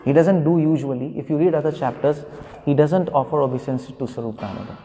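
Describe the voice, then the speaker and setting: A man's voice: on the high side, fast, mellow. A man giving an informal scripture class as a preacher, thinking aloud and wandering between points, quoting verses and asking his listeners questions. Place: temple hall. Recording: long reverb of a hall.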